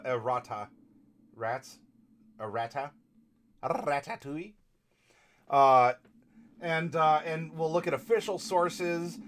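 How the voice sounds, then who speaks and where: A man hosting a casual live stream and answering viewer comments, playful and fond of puns, turning gentle and consoling when a viewer is sad. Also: fairly high pitch, slight background noise. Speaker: streamer hosting a tabletop game channel. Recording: music playing clearly behind the voice.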